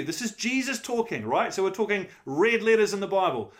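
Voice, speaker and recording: High-voiced man preaching conversationally. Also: very animated, fairly quick, few pauses. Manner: conversational, emphatic preaching with rhetorical questions. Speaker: pastor. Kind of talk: sermon.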